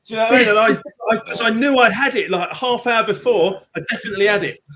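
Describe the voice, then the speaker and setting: A man hosting a live book club, telling an excitable, rambling anecdote with many restarts. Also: sits high, fast. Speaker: book club host and author. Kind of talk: animated storytelling on a live stream.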